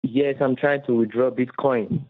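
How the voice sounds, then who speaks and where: A man calling in, angry and shouting, swearing and accusing the other side of scamming him. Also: mid-range voice, steady tone, unhurried, no echo. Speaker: caller. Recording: tinny phone line.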